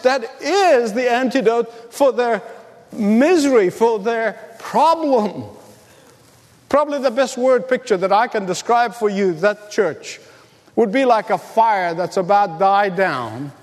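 A man's voice: very high voice, unhurried, long reverb tail. A man preaching a sermon as the pastor, building to emphatic, repeated calls.

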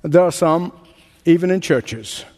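A man's voice: on the high side, lively intonation, a little slow, darkish tone. Male pastor, earnest sermon delivery, church hall echo. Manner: earnest preaching with a joke story.

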